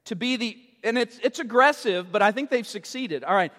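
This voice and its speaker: A male pastor with a notably high voice delivers a sermon, teasing his listeners and slipping in jokes between points. The sound carries a long reverb, as if recorded in a large church sanctuary. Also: expressive, brisk, sharp tone. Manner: teasing, joking with the congregation.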